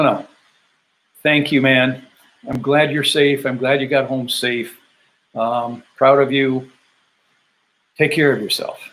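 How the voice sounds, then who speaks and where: An older man in his seventies, a veteran casually recounting his journey home. He rambles in easy, conversational stretches, restarting sentences and slipping into quoted dialogue, at a middle pitch with a faint hum of room noise behind him. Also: fairly bright tone, low-quality recording. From Grand Rapids, Michigan, USA. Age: 70s. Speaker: Vietnam veteran telling his story. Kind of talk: casual first-person storytelling.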